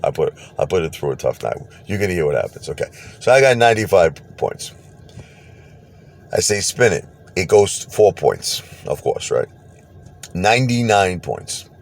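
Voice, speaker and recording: Man, very deep, gravelly fry, animated casual storytelling, laughs along. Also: normal speed. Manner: animated, laughs and acts out quotes.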